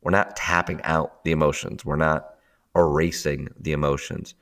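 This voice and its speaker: Middle-aged man, very deep voice, lively guest talker who laughs and voices his stories. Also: moderate pace. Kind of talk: casual conversation.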